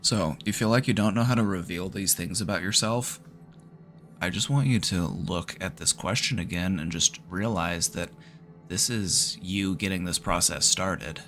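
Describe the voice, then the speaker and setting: A man giving calm, reassuring, casual advice as the host of a live online therapy stream. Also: low voice, normal speed, soft background music.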